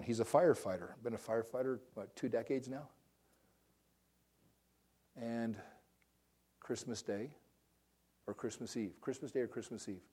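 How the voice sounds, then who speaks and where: A man's voice: medium pitch, warm tone, husky. A middle-aged male pastor preaching a sermon, telling stories with passion, often restarting and repeating words. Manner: impassioned storytelling with frequent restarts and repeated words.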